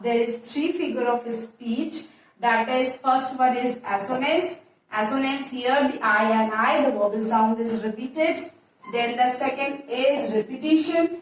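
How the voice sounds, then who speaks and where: A woman teacher, slowly explaining a poem to a class and repeating her points. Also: high-pitched, a little hiss or hum. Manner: slow, repetitive explaining with restarts. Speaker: English teacher. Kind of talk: classroom poetry lesson. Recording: echoey room, voice far from mic.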